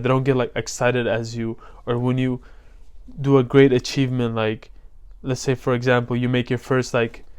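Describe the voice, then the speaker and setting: Flat, smooth-voiced young man giving motivational talk. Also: mid-range voice. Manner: loose slangy delivery full of fillers. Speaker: self-improvement coach. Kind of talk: casual motivational vlog talk.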